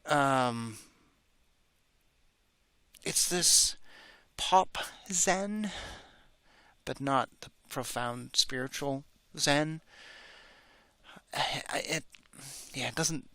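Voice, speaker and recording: Middle-aged male host, bright and forward, rambling candid commentary, dry close mic. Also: mid-range voice, extremely slow, long pauses, no room sound. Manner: candid, rambling, with frequent restarts and fillers. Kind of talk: casual reaction commentary.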